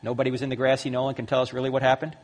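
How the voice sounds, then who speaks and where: A man in his fifties giving a lively talk to a live audience in a large hall, acting out the voices in his stories. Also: mid-range voice, very fast. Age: 50s. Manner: lively storyteller who acts out quoted voices. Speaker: Christian apologetics speaker. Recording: long hall reverb.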